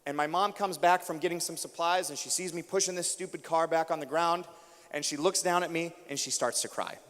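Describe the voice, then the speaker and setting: A young adult American man with a slightly high voice delivers an emotional, storytelling keynote to a room of teachers. He builds intensity through repeated refrains. His voice rings with the long reverb of a large auditorium. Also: fairly even intonation, a little fast, a bit bright. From United States.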